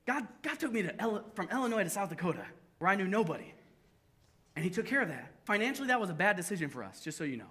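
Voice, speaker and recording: High bright-voiced young pastor preaching. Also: male voice, fast. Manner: lively storytelling with self-deprecating humor. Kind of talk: sermon. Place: church service.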